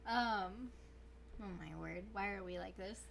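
A woman's voice: mid-range voice, measured pace, gravelly, a little hiss or hum. A young woman co-hosting a podcast, joking around casually. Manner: jokey, playful, says dude and y'all. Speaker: podcast co-host. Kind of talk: casual chat.

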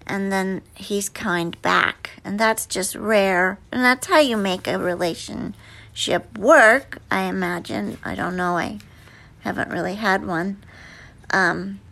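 A woman's voice: medium pitch, vocal fry, fairly bright tone. A woman actress answering interview questions in a chatty, hesitant way with many fillers and restarts. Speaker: actress guest.

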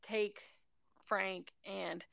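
A woman casually recaps a film's plot, rambling and filling her speech with fillers, and briefly acts out the characters' lines in quick voices. Her medium-pitched voice is flat, creaky, and fairly bright, with no echo.

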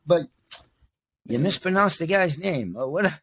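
An older man with a high voice hosts a casual podcast interview. He rambles through tangents, restarting sentences again and again as he chats with his guest. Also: big pitch swings, measured pace. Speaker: podcast host.

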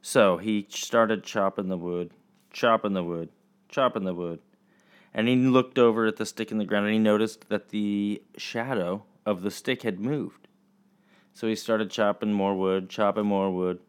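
A man teaching children, telling a story in a chatty, halting way full of fillers. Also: lowish voice, fairly even intonation, clear, resonant tone.

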